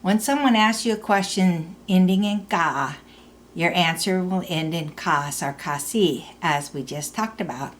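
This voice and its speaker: Woman, language teacher, slow careful explanations, slightly low voice, faint background hiss. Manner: slow, careful explanations with repeated example phrases. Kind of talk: recorded language lesson.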